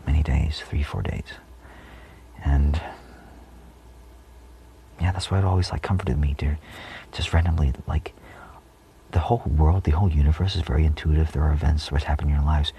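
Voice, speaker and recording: A man with a very deep voice and a heavy vocal fry rambles through a spiritual monologue. He meanders, restarts and often drops into a whisper. A faint hiss sits under his voice. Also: dark tone. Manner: meandering, many fillers, often trails off into whispers. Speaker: spiritual vlogger.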